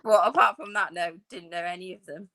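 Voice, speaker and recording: A woman's voice: lowish voice, a little fast, fairly bright tone. A woman co-hosting a casual chat, talking in a rambling, self-deprecating way. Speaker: podcast co-host.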